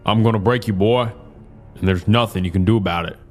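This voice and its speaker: A man doing a Southern cult leader, low and cold. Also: a little fast, soft background music, close to an everyday voice. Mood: quiet menace. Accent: Southern US, put on. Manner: quiet, level, almost bored malice. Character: menacing masked male cult leader, cold and cruel.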